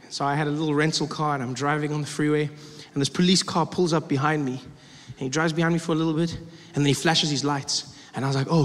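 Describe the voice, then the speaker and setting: Male stand-up comic from South Africa, thirties, higher-pitched, animated, live in a large reverberant venue with crowd noise. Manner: animated storytelling, acting out voices and siren noises. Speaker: stand-up comedian. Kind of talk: stand-up routine.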